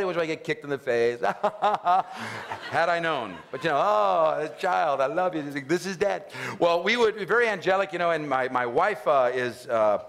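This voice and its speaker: A middle-aged man giving an animated storytelling talk at a faith event, acting out scenes with loud outbursts. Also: medium pitch. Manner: animated, acts out scenes with loud shouts and laughs.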